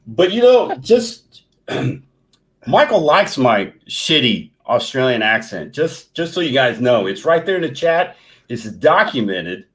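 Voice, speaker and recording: A man's voice: medium pitch, big pitch swings, slow pace, a bit bright. A man co-hosting a casual comics livestream over an online call, wry and self-deprecating. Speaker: livestream co-host. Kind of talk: casual chat.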